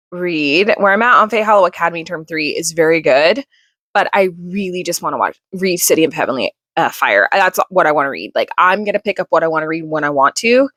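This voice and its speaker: A woman's voice: lowish voice, fairly bright tone, no room sound, studio quality. A young adult woman chatting casually in a rambling vlog about her kids and reading, with many fillers. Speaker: mom vlogger.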